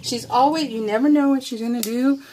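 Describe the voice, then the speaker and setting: This craft vlogger's voice-over is a chatty, wandering tale full of laughter and jokes at her own expense. She talks fairly quickly in a fairly high voice with a darkish tone.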